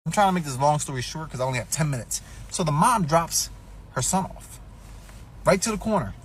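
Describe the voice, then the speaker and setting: A man's voice: fairly high pitch, brisk, a little hiss or hum. A man telling a profane, comedic personal story, acting out what people said. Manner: animated, profane, acts out quotes.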